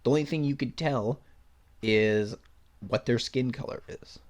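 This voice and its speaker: A man's voice: mid-range voice, a little slow. A young man hosting a solo podcast, reading news items aloud and breaking off into blunt, sarcastic rants with swearing. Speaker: podcast host.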